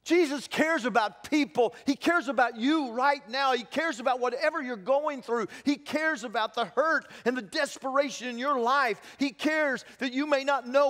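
A man's voice: high voice, moderate pace, a bit bright. A man preaching a sermon as pastor, telling the story with animation and acting out the voices of people he quotes. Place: church sanctuary. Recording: long church hall reverb.

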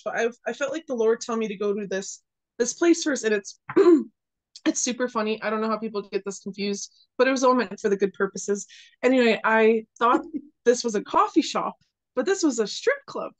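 Lively young woman telling a faith story. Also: on the high side. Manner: animated, laughs often, acts out quoted people. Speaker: guest sharing a testimony. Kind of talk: casual storytelling.

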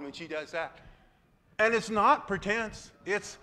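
A man preaching a sermon to his church in an animated way, with sudden loud exclamations and asides to the congregation. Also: sits high, slow, a little hiss or hum. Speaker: pastor. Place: church sanctuary.

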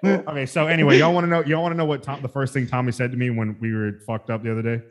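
A man rambles through a story on a casual podcast, swearing freely and restarting his sentences again and again. His voice sits at a middle pitch and sounds like his ordinary everyday talk. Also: level tone, rapid-fire. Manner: rambling, profane, restarts a lot. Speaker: podcast host.

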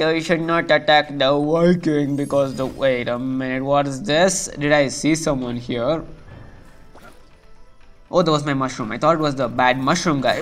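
A gameplay host giving excitable, chatty let's play commentary and talking to the game's creatures. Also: mid-range voice, moderate pace, faint music behind.

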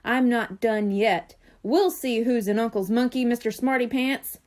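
A woman voicing an excitable, boastful young boy rabbit who talks in a dramatic, insistent way in a storybook reading. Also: on the high side, unhurried, lightly acted.

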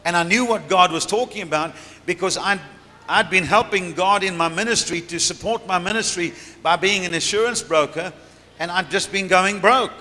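At normal speed and with a high, bright, forceful voice, a middle-aged man delivers a sermon testimony. He tells his story from the pulpit, laughing frequently, while the large church hall adds reverb and a little room noise.

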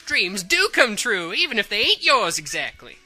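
A woman voicing a folksy, loud older male fight promoter in a video game, hollering country slang. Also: mid-range voice, very animated, moderate pace, faint music behind, heavily acted. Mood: blustery.

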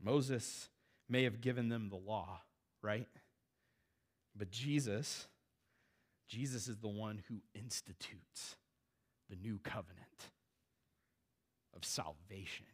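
A man preaching a sermon in a conversational, animated way, with casual asides to the congregation. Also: fairly low pitch, slow pace, pauses often, slightly rough. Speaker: pastor.

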